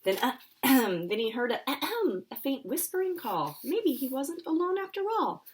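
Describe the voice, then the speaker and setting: A woman's voice: sits high, big pitch swings, normal speed, low-quality recording. A woman, the book's author, reading her rhyming children's picture book aloud with playful asides. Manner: sing-song rhyming storytelling, playful asides.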